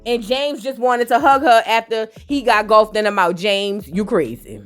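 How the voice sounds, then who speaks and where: A woman hosting a gossip reaction show, brash and animated, full of slang and cursing. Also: a little high, normal speed, smooth, soft background music.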